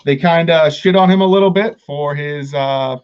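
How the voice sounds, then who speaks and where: Rambling, profane podcast host, lo-fi sound. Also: male voice, a little high, normal speed, clean tone. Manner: rambling, profane, many restarts. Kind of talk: casual chat.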